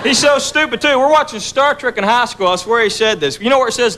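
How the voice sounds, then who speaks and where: A man's voice: high-pitched, animated, fairly quick, few pauses, slight background noise. Dry-witted male stand-up comic. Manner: dry, repeats words for punchlines. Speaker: stand-up comedian. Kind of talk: stand-up storytelling. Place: comedy stage. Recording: live show with loud audience laughter.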